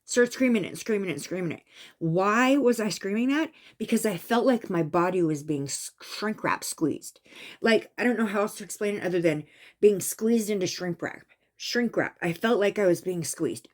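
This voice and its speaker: A woman's voice: mid-range voice, moderate pace. Emphatic woman telling a spooky story. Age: adult with a son. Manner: animated, emphatic, raising voice at tense moments. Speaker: vlogger recounting a psychic experience. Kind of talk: casual storytelling monologue.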